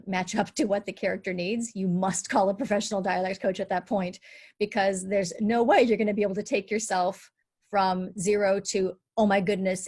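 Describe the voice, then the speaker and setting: A dialect coach speaks in a medium-pitched voice during a live online panel talk, explaining things in clear steps with a lively delivery.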